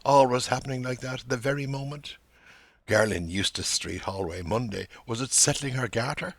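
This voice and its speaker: A man speaks the inner thoughts of a distracted man in a novel, murmured in short, clipped phrases. The voice is gravelly and husky. It sounds close and dry. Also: medium pitch, normal speed, fairly bright tone, no room sound, pitched above the performer's own voice. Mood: wistful.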